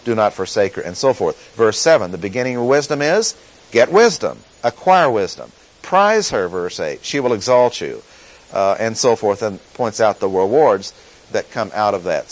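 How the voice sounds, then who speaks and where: A man teaching through a Bible passage in a sermon, deliberate and emphatic, repeating key phrases. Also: fairly low pitch, poor audio. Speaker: pastor teaching.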